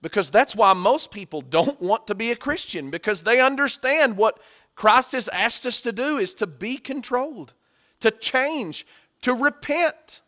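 A male preacher delivering a sermon, swinging from hushed asides to loud, acted-out story lines. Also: very high-pitched, animated, unhurried.

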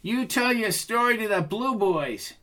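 Man playing brash young campus guard, loud hothead, high pitched, audiobook mystery. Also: expressive, measured pace, heavily acted. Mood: angry.

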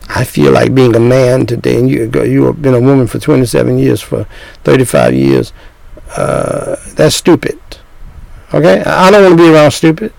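A man's voice: fairly high pitch, gravelly, darkish tone, no echo, low-quality recording. An older man preaching a sermon, scolding his listeners with repeated points and rhetorical questions.

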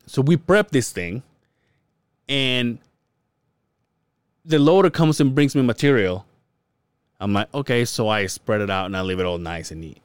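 A man's voice: medium pitch, measured pace, long pauses, clear, resonant tone, no room sound, clean studio sound. A man co-hosting a podcast, telling a story in casual chat, acting out what people said, swearing and laughing often. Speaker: podcast co-host.

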